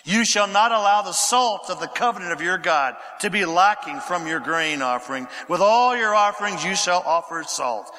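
A pastor preaching a sermon, reading scripture aloud, questioning his congregation and dropping to a whisper for quiet passages. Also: high-pitched, lively intonation, a little slow. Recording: echoey hall with long reverb.

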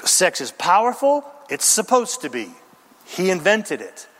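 A man preaching a sermon as a pastor, emphatic and dramatic, building long lists and pausing for effect. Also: high-pitched, huge pitch swings, fairly bright tone. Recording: long hall reverb.

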